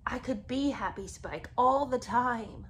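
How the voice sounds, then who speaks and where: A woman's voice: on the high side, a little slow, fairly bright tone, a little hiss or hum. A woman voicing a lovestruck young man, quoting him in a mildly mocking way. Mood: wistful.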